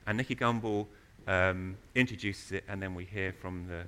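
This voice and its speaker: Animated man preaching a sermon. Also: sits low, moderate pace, a little hiss or hum. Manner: storytelling, animated, rises to loud emphasis. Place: church.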